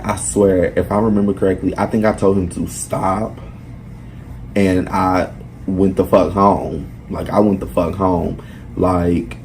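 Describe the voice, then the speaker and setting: Deep gravelly young man, blunt and profane. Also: warm tone, slight background noise, rough recording. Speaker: vlogger. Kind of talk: casual storytime monologue.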